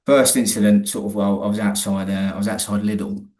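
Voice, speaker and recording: A man's voice: fairly low pitch, little pitch movement, brisk, darkish tone. A man, a guest in an interview, telling a personal story in a rambling, colloquial way with many restarts.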